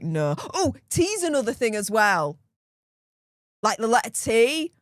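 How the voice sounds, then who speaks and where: Lively Yorkshire woman chatting bluntly. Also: fairly high pitch, no room sound, studio quality. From Yorkshire, England. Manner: blunt, chatty, laughs often. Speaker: YouTube commentary host. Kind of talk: casual chat to camera.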